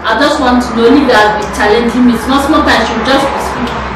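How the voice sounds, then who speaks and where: A woman's voice: a little high, quick pace, background noise. A woman with a Nigerian accent hosting a casual family vlog at home, chatty and playful as she quizzes someone, often laughing. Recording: very echoey room, voice far from mic.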